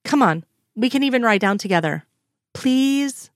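A woman voicing a playful, energetic female agent who coaxes and teases in a sing-song way, in an audiobook reading. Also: mid-range voice, quick pace, no echo, clean studio sound. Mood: coaxing. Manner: coaxing, sing-song teasing.

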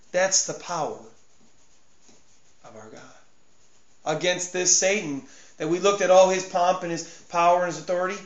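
A male preacher with a high, creaky voice delivers an impassioned sermon, swinging from hushed tones to shouting and repeating and stumbling over words for emphasis. The recording is from an echoey room and has a dull, lo-fi sound.

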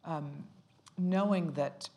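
A woman's voice: low voice, takes it slowly, mellow. A middle-aged actress talking casually in an interview, rambling and restarting her sentences, often laughing.

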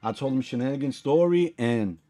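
A man from the Bronx, hosting a casual podcast and telling profane, animated stories. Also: mid-range voice, fairly quick. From the Bronx, New York. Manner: profane, animated storytelling with acted-out voices. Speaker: podcast host. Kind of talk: casual chat.

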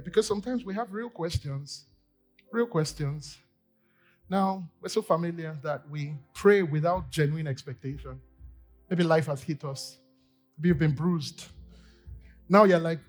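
A Nigerian man preaching a sermon in church, acting out little scenes in quoted voices and swinging from loud bursts to quiet asides. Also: on the high side, moderate pace, soft background music. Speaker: pastor. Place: church service.

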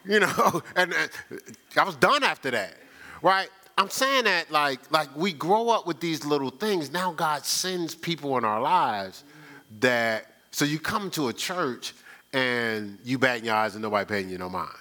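A man's voice: on the high side, lively intonation, a little slow, bright, forceful tone. A man preaching a conversational sermon, telling stories in a folksy, chatty way and often repeating himself. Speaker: pastor. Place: church sanctuary.

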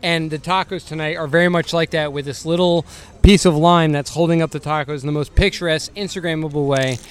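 Podcast co-host, male, chatty and rambling, pitched a touch high, recorded at a restaurant table. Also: steady tone, a little fast, smooth. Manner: rambling, filler-heavy. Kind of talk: casual chat.

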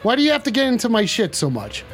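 Excitable, high-pitched man hosting a stream. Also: fast, faint music behind. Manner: excitable, profane, flustered outbursts. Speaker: streamer hosting a mock call-in show. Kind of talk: comedic live-stream banter.

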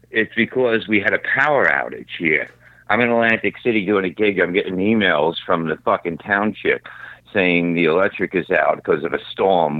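A man telling a profane, animated rant in casual chat. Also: sits low, no echo. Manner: profane, ranting, animated storyteller. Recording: tinny phone-like line, dry.

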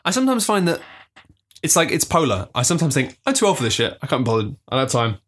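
A man co-hosting a gaming podcast in animated casual chat, full of fillers and quick put-on voices. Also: medium pitch, slight background noise. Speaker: podcast co-host. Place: indoors, seated close to co-host.

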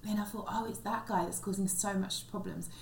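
A woman's voice: medium pitch, fairly even intonation, fairly quick, gravelly. Rambling woman telling a story. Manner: rambling and self-interrupting, with many restarts. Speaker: podcast co-host and stand-up comedian. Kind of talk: casual chat, storytelling. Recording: echoey room, faint background noise.

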